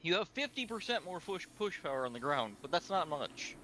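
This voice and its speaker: A man's voice: fairly high pitch, sing-song, fairly quick, background noise. A man playing a tabletop game, joking and teasing the others. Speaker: player.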